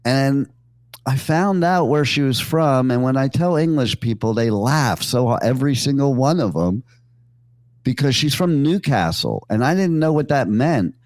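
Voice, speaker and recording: A man's voice: mid-range voice, animated, a little slow, darkish tone, no room sound. A man hosting a radio show, telling loose, joking stories with many fillers and asides. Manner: rambling, jokey, full of fillers and asides. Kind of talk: casual on-air storytelling. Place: radio studio.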